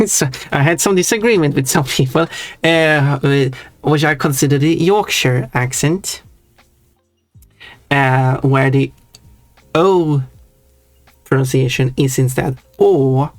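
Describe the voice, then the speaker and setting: A man's voice: mid-range voice, no echo, soft background music. A man from Sweden with a Swedish accent, chatting playfully on a stream. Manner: playful, drawn-out, laughs between words. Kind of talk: casual stream chat.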